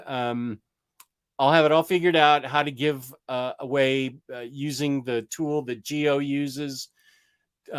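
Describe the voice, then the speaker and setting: A comic book channel host with a smooth, medium-pitched voice and a somewhat bright sound runs a casual livestream. He rambles, cracks jokes, and fumbles words while responding to viewers.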